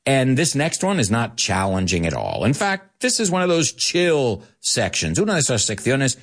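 Animated husky male English teacher. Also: medium pitch, normal speed. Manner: playful, animated, jokes with viewers; mixes Spanish phrases into English explanations. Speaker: English teacher and show host. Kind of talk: live language lesson.

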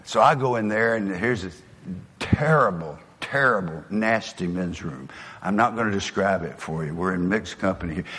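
A man's voice: on the low side, breathy edge. An older man, a former football coach, giving an earnest motivational speech full of personal stories. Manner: earnest, storytelling, drops soft for emotional moments. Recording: long hall reverb.

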